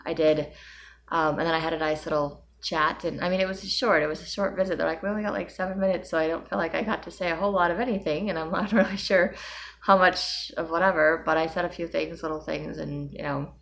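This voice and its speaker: A middle-aged woman vlogging casually, tired with a migraine, rambling with sighs and soft laughs. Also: low voice, steady tone, fast, gravelly. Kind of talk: casual personal vlog.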